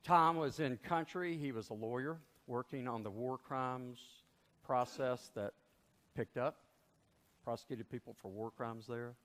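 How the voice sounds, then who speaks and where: A male pastor tells a sermon story in an animated way, at a middle pitch. His voice carries the long reverb of a large church. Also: unhurried.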